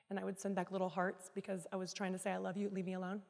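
A woman giving a sermon, telling a personal story with dramatic, emotional swings between quiet reflection and loud pleading. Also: medium pitch, completely flat delivery, rapid-fire, vocal fry, hardly any pauses. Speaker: guest speaker. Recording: reverberant hall.

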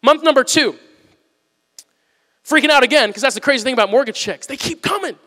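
A man preaching a sermon as pastor, telling a story with lively swings from loud excitement to hushed, earnest asides. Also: extremely high pitch, fairly quick. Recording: long hall reverb.

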